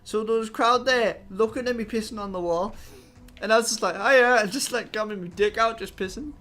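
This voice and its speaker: Young male vlogger, high-pitched, swearing storyteller. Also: a little fast, faint music behind. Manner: rambling, profane, animated when angry. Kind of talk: casual storytelling.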